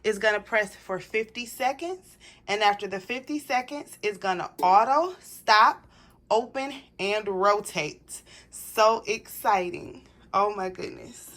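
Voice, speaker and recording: A woman hosting a crafting vlog, chatting to her viewers as she demonstrates a product, excitable and gushing. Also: medium pitch, slow pace. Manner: chatty, addresses viewers as y'all. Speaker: crafting channel host. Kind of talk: casual product demo vlog.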